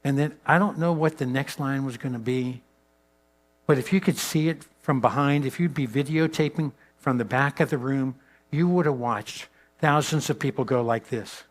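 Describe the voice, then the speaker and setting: A man giving a leadership talk to pastors as a guest speaker. He tells stories with lively swings in pitch and loudness, and drops to a soft, slow voice for emphasis.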